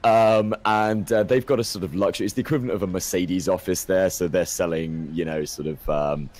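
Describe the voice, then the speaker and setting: A man's voice: low-pitched, steady tone, brisk, darkish tone. A man narrating a tabletop game as game master, rambling with many fillers while he checks his notes.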